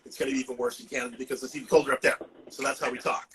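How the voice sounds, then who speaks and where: A man's voice: medium pitch, flat delivery, rapid-fire, sharp tone, a little hiss or hum, low-quality recording. A man from Massachusetts, talking casually and jokingly as a herbalist guest, filling his speech with "you know". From Massachusetts, USA. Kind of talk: casual podcast chat.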